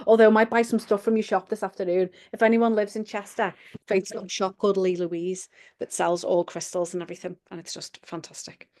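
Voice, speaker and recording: A woman's voice: medium pitch, little pitch movement, a little fast, warm tone. A woman, a coach giving a live online workshop in a chatty, giggly, self-deprecating way with casual swearing. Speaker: business coach.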